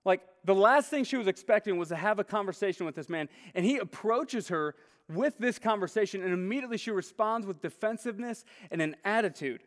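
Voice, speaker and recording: A man's voice: high voice, expressive, a little fast. A man preaching a sermon in a casual, conversational way, often saying "like". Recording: long hall reverb.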